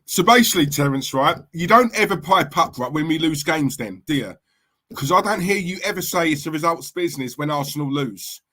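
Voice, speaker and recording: A man's voice: a little high, lively intonation, a little fast, sharp tone. A man co-hosting a fan podcast, teasing and mocking his co-host with incredulous banter. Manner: mocking, incredulous, laughs often.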